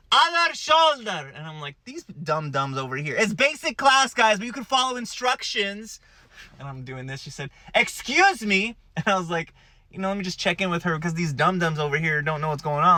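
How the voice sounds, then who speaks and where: Young man, bright lively voice, comic vlog storyteller who laughs a lot and acts out quotes, dry close sound. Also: on the high side, no echo. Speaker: vlogger telling a story.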